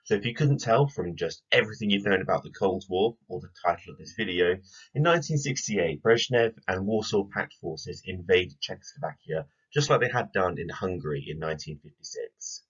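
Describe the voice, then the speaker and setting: Man, teacher, recorded video lesson, explaining directly to pupils, husky voice, muffled lo-fi audio. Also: sits low, animated, fairly quick. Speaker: history teacher.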